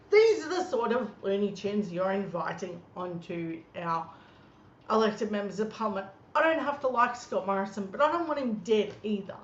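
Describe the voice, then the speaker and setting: A woman, giving angry, scornful political commentary in a blunt, ranting manner. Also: mid-range voice. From Australia. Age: 30s. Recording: echoey room, dull lo-fi sound, faint noise.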